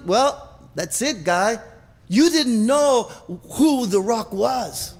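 A man preaching with a high, gravelly voice that rings out in a hall with a long reverb. He is animated, stumbles and repeats words, and keeps calling for amens from the congregation. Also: takes it slowly. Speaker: pastor. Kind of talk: sermon.

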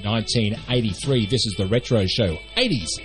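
A man presenting a retro music radio show in a measured, scripted manner. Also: mid-range voice, expressive. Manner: measured, trivia-quiz delivery. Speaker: radio host.

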